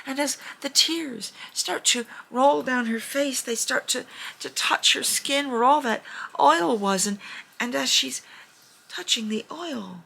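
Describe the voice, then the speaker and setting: A woman's voice: on the high side, vocal fry, pushed and bright, slightly rough. A young adult woman narrating an improvised fairy tale in a chatty, rambling way, with frequent restarts. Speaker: storyteller.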